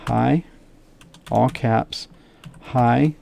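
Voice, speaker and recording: Slow, gravelly middle-aged male teacher. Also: mid-range voice, fairly even intonation, mellow, slight background noise. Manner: thinks aloud, repeats steps, checks himself. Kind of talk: screen-share coding lesson.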